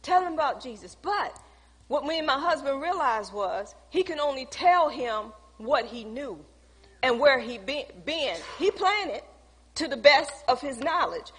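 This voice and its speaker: A woman's voice: sits high, lively intonation, unhurried, fairly bright tone. A woman pastor preaching a sermon, telling a personal story and acting out conversations with emphasis. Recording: long hall reverb.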